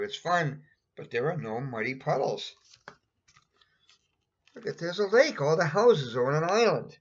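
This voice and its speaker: Husky guy reading a kids' picture book, chatty asides, lots of up and down, muffled sound. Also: medium pitch, fairly bright tone. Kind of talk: casual storybook read-aloud. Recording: dull lo-fi recording.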